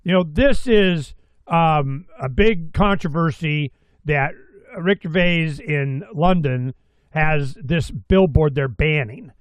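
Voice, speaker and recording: A man's voice: fairly high pitch, takes it slowly, dry recording, low-quality recording. A man hosting a talk show, chatting loosely and rambling through his questions. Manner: rambling, loose, with many restarts. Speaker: host. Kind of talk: casual chat.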